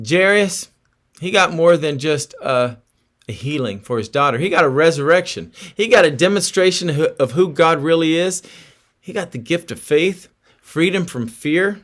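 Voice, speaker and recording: A man preaching a sermon in an earnest storytelling manner, asking his listeners direct questions and dropping low and soft on key phrases. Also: animated, normal speed.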